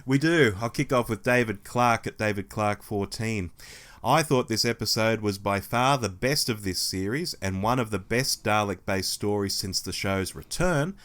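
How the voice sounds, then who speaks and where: A man with a hoarse voice, co-hosting a casual podcast chat in an animated, mock-scolding way. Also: on the low side, moderate pace. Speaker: podcast co-host.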